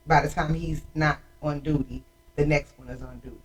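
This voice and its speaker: A woman in her forties hosting a casual chat, telling animated, emotional stories about her family. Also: low voice, brisk, distant mic, low-quality recording. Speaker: host.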